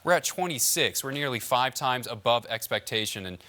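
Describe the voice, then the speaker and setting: A man presenting the weather on a morning TV show in a studio, energetic and stressing his figures. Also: medium pitch, a little fast. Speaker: meteorologist. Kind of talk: TV weather chat.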